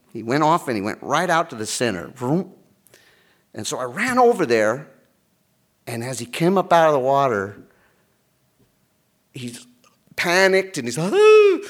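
Male pastor, middle-aged, sermon, animated storytelling, pitch swinging up and down. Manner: animated storytelling, acting out voices.

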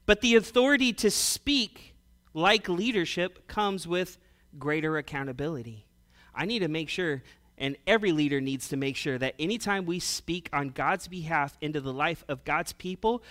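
Guy preaching a sermon, high bright voice, chatty then goes quiet and serious. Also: moderate pace. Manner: conversational preaching, swings from loud to hushed. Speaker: pastor.

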